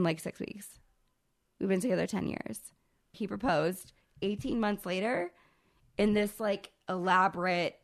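A podcast co-host in her thirties tells a long personal story at medium pitch. Her chat is casual, profane and animated.

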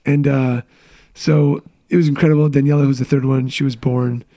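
A man's voice: medium pitch, flat delivery, mellow. A man in his thirties, a business coach, telling candid personal stories in a casual interview chat. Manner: candid, storytelling, quick asides.

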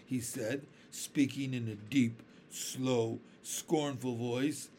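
A man narrating a children's storybook aloud in a gentle, expressive way. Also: medium pitch, slow, hardly any pauses. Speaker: reader.

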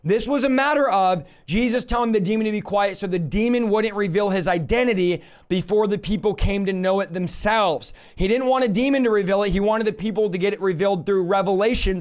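A man with a notably high-pitched voice delivers a livestreamed teaching sermon. He preaches in a forceful, emphatic way and breaks into sudden rebukes.

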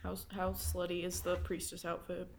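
A woman's voice: lowish voice, monotone, moderate pace, a little hiss or hum. A woman playing a tabletop game, chatting casually and unhurriedly with her group. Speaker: player.

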